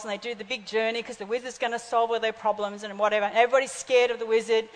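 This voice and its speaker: A woman's voice: fairly high pitch, flat delivery, racing. A woman in her fifties preaching a sermon, telling stories and acting out the voices in them. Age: 50s. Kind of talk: sermon with storytelling. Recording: long hall reverb.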